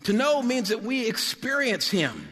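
A man preaching a sermon in a high, bright voice, his delivery swelling into passionate shouts. His words ring out with a long reverb, as in a large church sanctuary. He sounds both fervent and firm. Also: big pitch swings, a little slow, slightly rough. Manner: impassioned, building to shouts.

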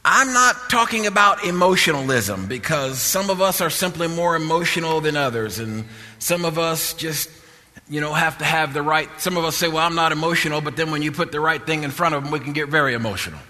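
Bright-voiced man preaching with fervor. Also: fairly high pitch, animated, fairly quick, long reverb tail. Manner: impassioned, repetitive preaching cadence. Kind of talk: sermon. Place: church.

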